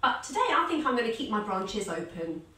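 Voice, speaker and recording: A woman leading a children's yoga class as a story, giving animated, sing-song encouragement. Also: medium pitch, brisk, far from the mic, slight background noise. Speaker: kids yoga teacher. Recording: echoey room, voice off-mic.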